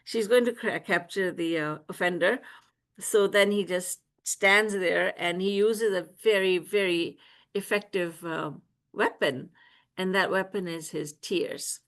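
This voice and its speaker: A woman spiritual teacher giving a devotional storytelling talk over a video call, lively and often laughing as she tells it. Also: lowish voice, a little slow. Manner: lively, laughs often while telling stories.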